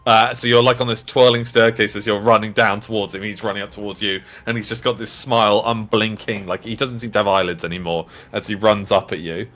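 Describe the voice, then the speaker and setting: A man's voice: fairly low pitch, steady tone, a little fast, hardly any pauses, a bit bright. A man narrating as game master, rambling and full of fillers.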